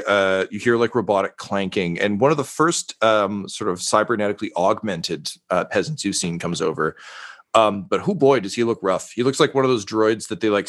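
Young man, game master, lowish voice, rambling narration. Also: a bit bright. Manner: full of fillers and restarts.

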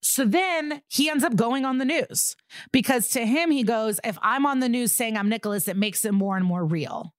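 A woman's voice: fairly high pitch, normal speed, dry recording, studio quality. A woman co-hosting a podcast, animatedly retelling a true-crime case in casual chat, acting out quotes and swearing freely. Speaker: podcast co-host.

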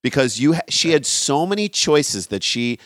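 A man guesting on a casual podcast chat, animated and emphatic, with plenty of swearing. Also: fairly high pitch, normal speed, no echo, studio quality.

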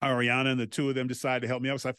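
A man, a former wrestler, telling stories as a podcast guest in a loose, animated way and swearing freely. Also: medium pitch, rapid-fire, clean tone, no echo, clean studio sound. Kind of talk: casual anecdotal storytelling.

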